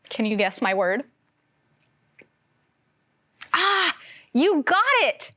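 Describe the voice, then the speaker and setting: Slow, lively-voiced teacher woman. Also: on the high side. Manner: slow, clear, sounding out words for young children. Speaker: first grade teacher. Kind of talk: televised classroom phonics lesson.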